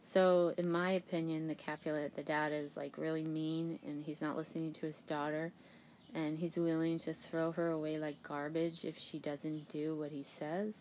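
A woman with a lowish voice walks students through a text in a relaxed, chatty way. She leans on fillers like "okay" and "um" as she puts ideas in her own words. A faint hum of background noise sits under her voice. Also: normal speed, rough recording. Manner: plain, chatty paraphrasing with many "okay" and "um" fillers. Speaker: teacher. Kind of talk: casual classroom explanation.

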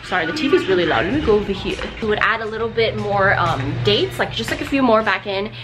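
A young woman chatting casually to the camera in a home vlog, telling stories in an animated way. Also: medium pitch, fast, over music. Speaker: vlogger.

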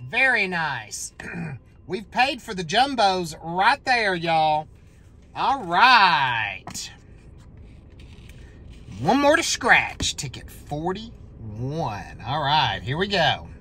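A scratch-off lottery host, calling out numbers as they scratch and breaking into excited shouts at wins. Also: mid-range voice, very slow.

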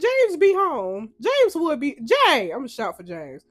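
A young woman playing a story game, shouting reactions and slangy asides to her viewers. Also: high-pitched, huge pitch swings, measured pace, faint music behind. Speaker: game player and streamer.

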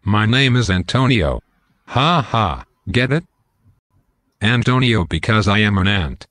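A man's voice: fairly low pitch, measured pace, no room sound. A text-to-speech male voice with an American accent, reading as a young male drone ant. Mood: plain. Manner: flat, even computer reading.

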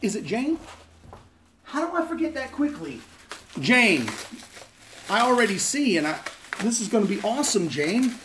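Lively-voiced profane male vlogger. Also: very high voice, moderate pace, pauses often, slight background noise. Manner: profane, joking, rambling. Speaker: vlogger opening fan mail. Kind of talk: casual live-stream chat. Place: home in Las Vegas.

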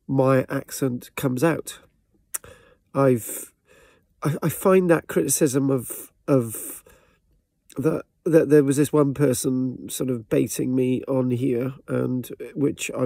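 A man with a soft South Welsh accent from Barry, talking to his channel in a hesitant way, with many fillers and restarts. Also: medium pitch, vocal fry, no echo. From Wales. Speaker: channel host, local historian. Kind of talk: casual talk to camera.

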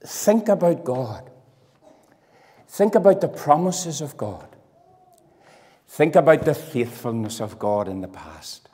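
A man from Northern Ireland preaches an impassioned sermon in a church hall, swinging between loud declarations and hushed, quiet lines. His medium-pitched voice is expressive and slow, with long pauses.

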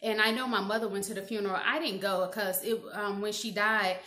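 A woman's voice: medium pitch, fairly even intonation, a little fast, sharp tone, echoey room. A woman from the American Midwest telling a personal story in a candid, chatty way and laughing at herself now and then. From Gary, Indiana, USA. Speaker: vlogger telling her own story. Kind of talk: casual storytime monologue.

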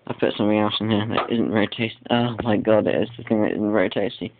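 Speaking fast with a steady tone and a voice on the low side, a teenage boy vlogs casually from home. He rambles and grumbles in an over-the-top, whiny manner, captured on a tinny lo-fi line with faint hiss.

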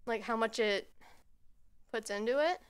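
A young woman streamer giving quiet, nervous, rambling let's-play commentary at home into a headset mic. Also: on the high side, unhurried, clear, resonant tone.

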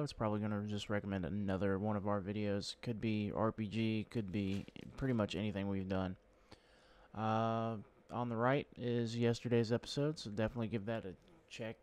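Chatty low-voiced man playing a game. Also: steady tone, a little fast, a little mellow, clear, resonant tone. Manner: chatty, rambling, self-deprecating. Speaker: gaming channel host. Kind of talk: casual let's-play commentary.

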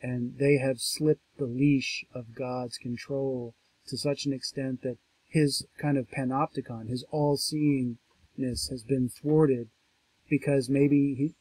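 A man lecturing on a scripture passage, reading verses aloud in a raised, slower voice and then explaining them casually, thinking aloud with restarts and asides. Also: medium pitch, no room sound. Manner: reads quoted verses louder and slower, then explains conversationally. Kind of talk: reading and commenting on a text.

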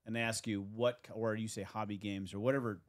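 Animated low-voiced man co-hosting a podcast. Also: quick pace. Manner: leads the questions, animated, frequent laughs. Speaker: podcast co-host. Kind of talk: casual chat.

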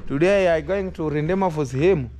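A man's voice: on the high side, brisk, darkish tone. A man talking casually to camera in broken English and coaxing his young children, in a home family vlog. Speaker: vlogger.

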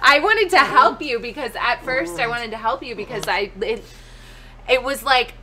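A woman chatting on a podcast, retelling a shared story with frequent laughter and quick bursts of speech. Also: a little high, a crowd in the background. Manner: laughs often, lively retelling, fast bursts. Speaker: podcast co-host. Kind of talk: casual storytelling chat.

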